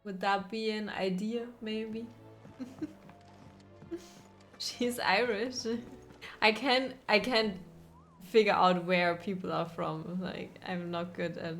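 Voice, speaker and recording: A woman's voice: medium pitch, steady tone, takes it slowly, pauses often, a bit bright, faint music behind. A woman streaming a video game, chatting casually and playfully with her viewers and laughing often. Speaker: gaming streamer. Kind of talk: casual live-stream commentary over gameplay.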